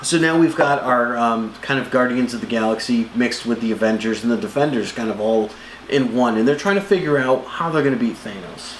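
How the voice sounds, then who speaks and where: A man co-hosting a casual movie review, animated, jumping into high voices to act out scenes. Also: brisk. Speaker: co-host of a movie review show. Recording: echoey room with faint noise.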